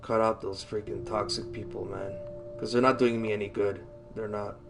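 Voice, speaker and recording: Over music, a man with a fairly low, gravelly voice talks with stream viewers at a moderate pace and with a flat delivery. He rambles casually, swears, and fills his speech with "like" and "you know."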